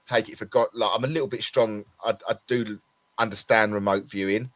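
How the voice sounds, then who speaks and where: A man's voice: fairly low pitch, fairly even intonation, fairly quick, a bit bright. A tired man with an Essex accent, co-hosting a casual talk show and rambling with many restarts. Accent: Essex English. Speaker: podcast co-host. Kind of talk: casual conversation.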